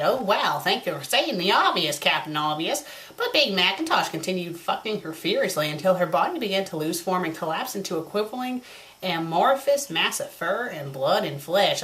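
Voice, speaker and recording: Woman, put-on Southern US drawl, a little tipsy, reading aloud, mocking, exasperated asides, middle pitch. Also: a bit bright. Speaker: fanfiction critic host. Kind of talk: reading a story aloud with sarcastic commentary.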